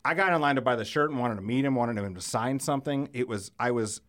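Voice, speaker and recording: A man hosting a podcast, telling loud, animated stories in casual chat and swearing freely. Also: medium pitch, fast talker. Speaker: podcast host.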